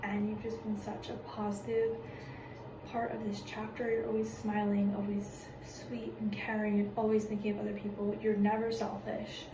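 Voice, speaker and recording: A young woman in college recording a quiet, affectionate tribute late at night in a small bathroom, keeping her voice down so she won't wake others. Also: mid-range voice, completely flat delivery, moderate pace. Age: young adult. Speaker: college student giving a tribute. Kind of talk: recorded video message. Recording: echoey bathroom, distant mic, noisy background.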